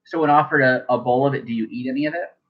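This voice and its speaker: A man's voice: mid-range voice, very fast. A man running a tabletop game as game master, narrating loosely with many fillers. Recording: dull lo-fi sound.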